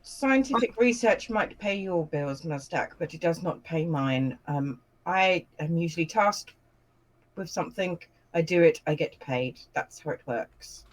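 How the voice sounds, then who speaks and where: A woman's voice: fairly low pitch, lively intonation, a little slow. Businesslike woman playing a tabletop game. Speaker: player. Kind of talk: in-character tabletop play.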